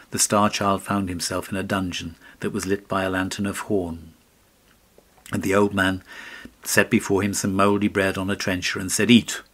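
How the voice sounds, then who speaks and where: Male fairy-tale narrator, low-pitched, measured and solemn delivery. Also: fairly bright tone. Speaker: audiobook narrator.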